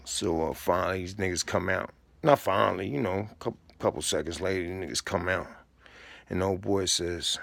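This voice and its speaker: A man's voice: low-pitched, normal speed, creaky, a bit bright, no room sound. A man telling a story in a profane, streetwise way, acting out the back-and-forth of quoted exchanges. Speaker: storyteller recounting prison time. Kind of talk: casual storytelling.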